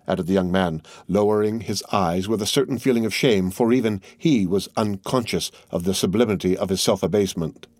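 A man with a low voice narrates a classic novel in a measured, even way. The recording is close and dry, with no room sound. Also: dry recording. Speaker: audiobook narrator.

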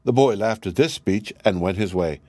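A man narrating a fairy tale in a measured, even storybook reading. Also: lowish voice, dry recording.

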